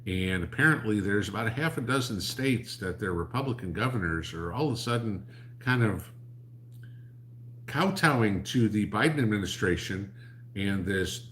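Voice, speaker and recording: A man's voice: deep voice, a little hiss or hum. A man, hosting a livestream and answering chat in a blunt, rambling, sarcastic way.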